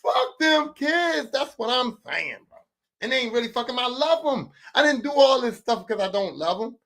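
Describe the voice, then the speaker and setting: A man's voice: very high voice, sing-song, fairly quick, a bit bright. A man, hosting a podcast with a profane, comedic rant that repeats lines for emphasis. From West Philadelphia. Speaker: podcast host.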